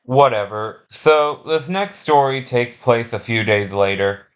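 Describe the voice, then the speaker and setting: A young man telling crude comic work stories, sarcastic with deadpan asides. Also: medium pitch, unhurried. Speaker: comedy storyteller. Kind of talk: comic storytelling with acted customer voices.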